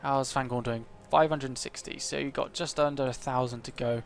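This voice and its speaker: A man's voice: mid-range voice, steady tone, a little fast, gravelly, soft background music. A man commenting on his own strategy game as he plays, thinking aloud with frequent hesitations and fillers. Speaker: let's play gamer.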